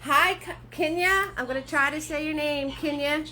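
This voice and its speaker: A woman's voice: high voice, moderate pace, bright, forceful tone. A woman running a live-stream painting class, chatty and often laughing, greeting her viewers by name in a sing-song voice. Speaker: painting instructor.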